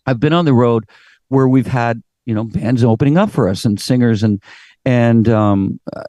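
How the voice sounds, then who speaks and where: A middle-aged man from Canada with a Canadian accent, who is a singer, chats as an interview guest in a casual setting. He tells animated stories, acts out quotes, and swears casually. His voice is mid-range, his pace moderate, and the recording dry.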